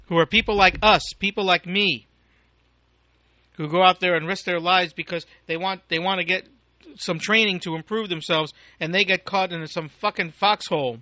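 American guy ranting about politics, swears a lot, rambles, kinda high voice, dry close sound. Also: steady tone, moderate pace, sharp tone, no echo. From United States. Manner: angry, profane, rambling. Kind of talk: political rant monologue. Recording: dull lo-fi recording.

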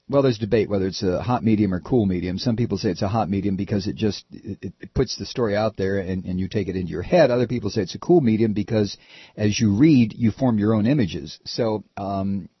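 A man's voice: medium pitch, slightly rough, no echo. A middle-aged man hosting a political talk radio show, speaking in an impassioned, emphatic way with many restarts. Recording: dull, lo-fi radio audio.

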